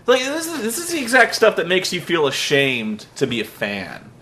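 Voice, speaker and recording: A man delivers a profane comedic rant, exasperated and mocking throughout. His voice sits a little high and sounds bright and tense. He swears freely as he tears into a show. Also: wildly swooping pitch, moderate pace. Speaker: wrestling show reviewer.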